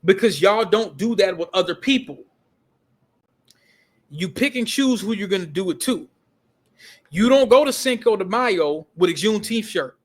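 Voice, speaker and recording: High-voiced man telling an emphatic story. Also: animated, moderate pace, pauses often. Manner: emphatic, profane, repetitive, slangy. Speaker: vlogger. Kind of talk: animated casual storytelling.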